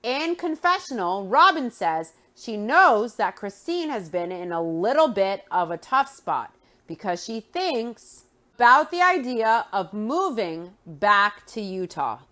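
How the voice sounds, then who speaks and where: A woman's voice: medium pitch, very animated, slow, sharp tone. A woman recapping a reality show, opinionated and sarcastic in her commentary.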